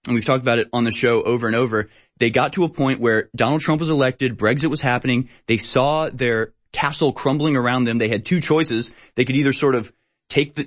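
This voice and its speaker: Emphatic man hosting a chat show. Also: medium pitch. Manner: emphatic, repetitive. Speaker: podcast host. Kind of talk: casual political chat.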